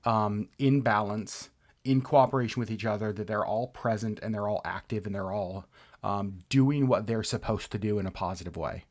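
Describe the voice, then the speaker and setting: A man's voice: on the low side, moderate pace. A man co-hosting a podcast in casual chat, earnest and enthusiastic, often restarting his sentences. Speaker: podcast co-host.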